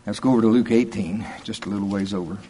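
A man's voice: on the low side, fast, mellow, slight background noise. A man preaching a sermon in a folksy, emphatic, conversational way, reading scripture aloud and then explaining it.

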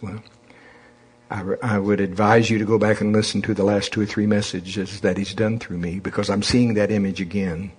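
Husky-voiced folksy male preacher. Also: fairly low pitch, level tone, normal speed, darkish tone. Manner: folksy, calls for congregation to repeat after him. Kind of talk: sermon.

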